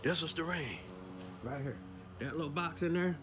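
A man from Georgia, telling a lively story outdoors about his lawn care work, often stumbling over repeated words. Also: a little high, normal speed, slight background noise. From Atlanta, Georgia. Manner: animated, stumbling repeats, acts out bits. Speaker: lawn care worker filming a vlog. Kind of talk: casual storytelling. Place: outdoors by a carport.

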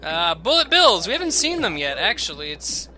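A man's voice: sits high, sing-song, normal speed, pushed and bright, faint music behind. A man casually commentating a video game with sarcastic jokes and rambling asides. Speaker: let's play commentator.

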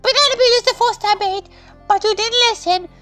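A squeaky, fussy sidekick. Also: male voice, brisk, soft background music. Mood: pleading. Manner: whiny, pleading, excitable.

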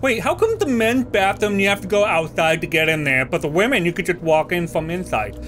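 Guy narrating his game playthrough, high voice, real animated, gasps and yells at enemies. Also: brisk, slight background noise. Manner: excitable, gasps and yelps, talks to game enemies. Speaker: let's play gamer. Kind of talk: casual gameplay commentary.

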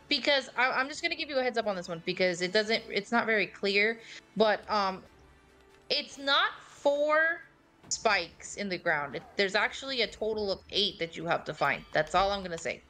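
A woman streaming a game with friends, telling stories in an excitable, animated way and swearing freely. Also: mid-range voice, moderate pace, faint music behind. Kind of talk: casual gaming chat.

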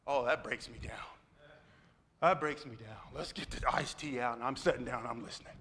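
Bright, lively male pastor preaching. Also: medium pitch, moderate pace. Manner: animated preaching with sudden loud exclamations and asides to the congregation. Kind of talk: sermon. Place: church sanctuary.

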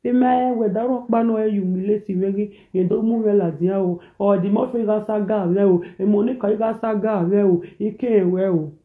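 Speaking with a Nigerian accent, a social media commentator rants in a reaction video, preachy and repetitive, switching between pidgin and a local language. His voice is high and his tone steady, at a moderate pace with few pauses. The audio is tinny, like a phone.

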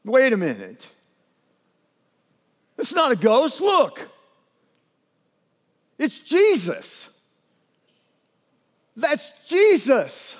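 A man's voice: extremely high pitch, sing-song, a little slow, few pauses, a bit bright, in a large hall, voice pushed up, exaggerated voice. A man doing a startled disciple calling out. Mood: excited. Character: startled male disciple spotting Jesus on the water.

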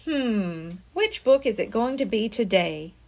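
A woman's voice: a little high, a little slow. A woman voicing a bold, eager little girl who keeps urging her brother on. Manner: excited, urging, breathy whispers at times.

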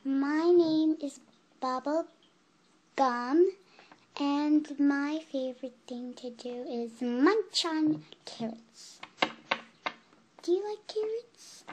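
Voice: high-pitched, very slow, long pauses, darkish tone. A child voicing a bubbly pet girl who loves carrots, chatty and friendly. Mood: chirpy.

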